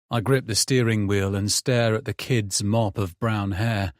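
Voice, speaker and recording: A man narrates a dark first-person thriller, weary and bitter in tone. His voice is on the low side and unhurried, very slow in pace. The recording is close and completely dry. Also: steady tone, no room sound. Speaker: audiobook narrator.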